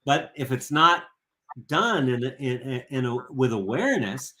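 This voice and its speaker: A man's voice: medium pitch, very animated, normal speed, sharp tone. A man in casual conversation, speaking reflectively with frequent restarts. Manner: reflective, searching, many restarts.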